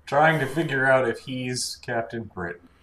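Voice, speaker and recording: A man's voice: medium pitch, normal speed, fairly bright tone. A man co-hosting a podcast who chimes in with short agreements and clarifying remarks. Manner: brief interjections and clarifying asides. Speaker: podcast co-host. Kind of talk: casual chat.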